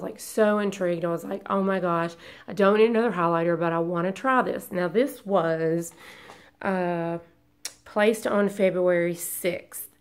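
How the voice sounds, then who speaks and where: Congested woman rambling to camera. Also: mid-range voice. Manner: rambling, hesitant, apologetic. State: congested from a long illness. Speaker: beauty vlogger. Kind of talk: casual chat to camera.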